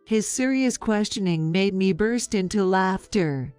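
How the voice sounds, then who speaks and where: A woman in her fifties narrating a story in a calm, measured, sarcastic way. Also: mid-range voice, clear, resonant tone, dry recording, soft background music.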